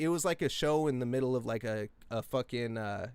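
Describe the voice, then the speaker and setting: Dude in his 20s rambling thru a crazy story, swears a lot, mid pitch, dry mic. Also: fast talker, clear, resonant tone, dry recording. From US West Coast. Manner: rambling, profane, animated, yelling out quoted lines. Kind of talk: casual storytelling chat.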